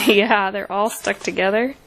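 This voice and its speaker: A woman's voice: medium pitch, takes it slowly, crowd noise, poor audio. A young woman at home filming a casual unboxing vlog, chatting with her kids and reading out snack names into the camera mic. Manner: chatty, reads product names aloud, coaxes her kids.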